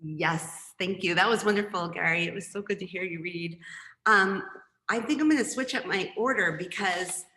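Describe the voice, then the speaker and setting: A woman's voice: lowish voice, normal speed, sharp tone, roomy sound. A woman poet reading her poems, with chatty, rambling asides between them. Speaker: poet and professor. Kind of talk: poetry reading with casual asides.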